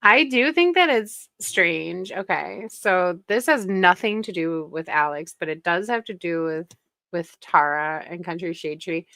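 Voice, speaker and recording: A woman's voice: fairly low pitch, expressive, measured pace, bright, forceful tone, no room sound. A woman hosting casual commentary in a sarcastic, gossipy way. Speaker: commentary channel host.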